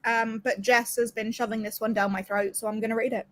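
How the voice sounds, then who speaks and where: A woman chatting on a live reading stream over a video call, making deadpan, cheeky jokes. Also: fairly high pitch, brisk, no room sound. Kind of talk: casual live-stream chat.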